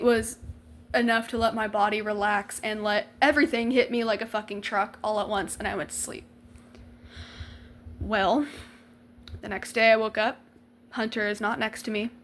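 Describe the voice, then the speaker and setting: A woman's voice: on the high side, fairly bright tone. A young adult woman vlogger telling a personal story in a candid, emotional way, swearing freely and using slang and lots of likes.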